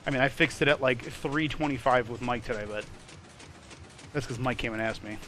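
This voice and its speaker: A man's voice: mid-range voice, fairly quick, fairly bright tone. A man in an easygoing chat over a game, mid-range voice, venting a work story with plenty of cursing and exasperated asides. he tells it like a storyteller, quoting everyone. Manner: swearing, storytelling, exasperated ranting. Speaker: host of a gaming channel. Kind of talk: casual chat over gameplay.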